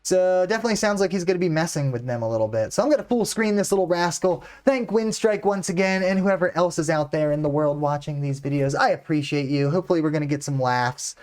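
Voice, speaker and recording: A man's voice: fairly high pitch, fast, hardly any pauses, a little mellow. An American man hosting a reaction video, chatting casually in a laid-back way with lots of fillers. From United States.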